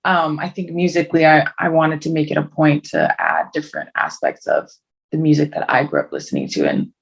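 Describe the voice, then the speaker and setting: A woman's voice: low-pitched, lively intonation, brisk, creaky, husky, rough recording. A young woman from Toronto, a singer, chatting over a video call in a rambling way with lots of "like" and restarts. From Toronto, Canada. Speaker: guest singer.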